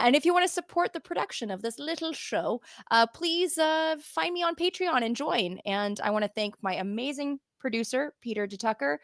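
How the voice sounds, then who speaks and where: A woman's voice: fairly high pitch, fairly bright tone, no echo, clean studio sound. A woman hosting a podcast interview, chatty and casual, often restarting her sentences and laughing. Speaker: podcast host.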